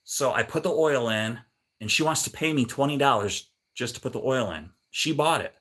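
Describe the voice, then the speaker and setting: Middle-aged male stream host, mid-pitched, rambling and irritated storyteller. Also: animated, moderate pace, fairly bright tone. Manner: rambling, annoyed, acts out both sides with "I go". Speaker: livestream host. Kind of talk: casual storytelling chat.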